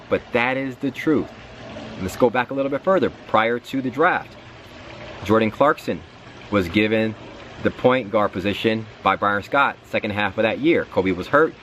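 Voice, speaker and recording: A man running a sports channel, telling a long story in casual commentary with lively asides and acted-out reactions. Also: lowish voice, slight background noise. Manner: animated storytelling, repeats words, acts out his own reactions.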